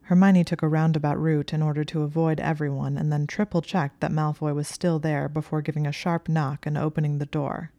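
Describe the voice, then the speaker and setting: A woman reading a story aloud in a steady, even storytelling manner. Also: deep voice, a little fast, few pauses, no echo. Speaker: audiobook reader. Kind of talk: reading fan fiction aloud.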